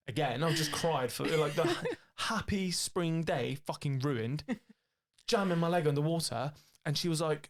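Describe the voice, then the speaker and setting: This British-accented podcast co-host, in his late thirties, has a voice on the high side and a moderate pace. His casual, profane story meanders as he animatedly performs the voices of the people involved.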